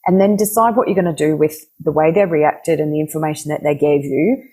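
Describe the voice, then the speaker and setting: A woman who works as a relationship coach talks animatedly in a podcast conversation, laughing often and acting out quoted dialogue. She has a low voice and speaks fairly quickly, and the audio quality is poor.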